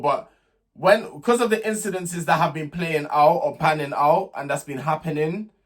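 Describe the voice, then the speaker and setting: A man's voice: on the high side, fairly bright tone. A young man talking through a show recap in a chatty, slangy, emphatic way. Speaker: reality show recap host. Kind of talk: casual recap commentary.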